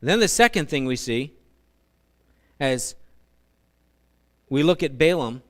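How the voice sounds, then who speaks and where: Brief: male pastor, animated storytelling sermon, smooth resonant voice. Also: a little high, slow pace. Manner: animated storytelling with humorous asides.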